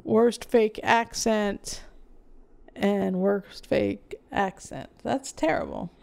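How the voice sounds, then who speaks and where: A woman's voice: mid-range voice, steady tone, extremely slow, gravelly. A woman co-hosting a casual film podcast, rambling through award lists with lots of fillers. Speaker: podcast co-host. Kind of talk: casual film review chat.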